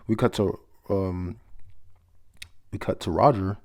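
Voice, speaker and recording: A man's voice: sits low, steady tone, slow pace, vocal fry, long pauses. A young man casually reading through a comic chapter and commenting, rambling, stumbling over words and swearing now and then. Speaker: manga chapter reviewer.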